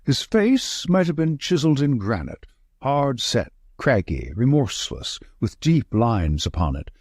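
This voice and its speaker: A male audiobook narrator with a husky, close voice that moves through a lively range. He tells the story in a measured, descriptive way. The sound is dry and close. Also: medium pitch, no room sound.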